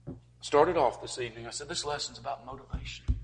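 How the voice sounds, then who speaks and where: Guy preaching in church, gets loud and fiery then drops real quiet and pleading. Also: mid-range voice, fast talker. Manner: impassioned, rising to forceful peaks and dropping to quiet pleas. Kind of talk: sermon.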